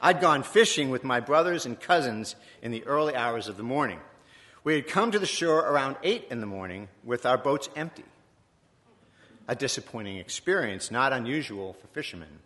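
A man doing a weary, skeptical fisherman telling his own story in a sermon. The voice rises and falls in lively swings and has a bright, forceful edge. It rings in a long, echoing church reverb. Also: medium pitch, normal speed, close to an everyday voice. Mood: wry. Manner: plain storytelling, wry, incredulous questions. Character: weary skeptical male fisherman, middle-aged, blunt.

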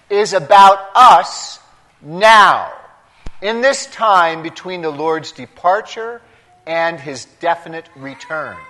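A priest preaches with a fairly high voice, taking his time and pausing between short, emphatic phrases. His words ring out with the long reverb of a large church. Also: pushed and bright. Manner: slow, deliberate delivery in short emphatic phrases. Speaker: priest giving a homily. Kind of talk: sermon.

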